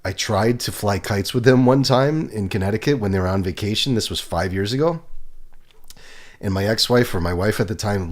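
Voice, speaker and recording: A middle-aged man with a lowish voice talks in a loose, rambling way, drifting from one subject to the next. It is a relaxed home vlog, as if chatting to viewers. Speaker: vlogger. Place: home, children heard nearby.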